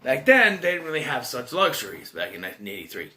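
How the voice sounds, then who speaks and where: Male movie reviewer, casual and rambling, bright voice, lively pitch. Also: fast, a little hiss or hum. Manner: rambling, animated, lots of restarts and filler.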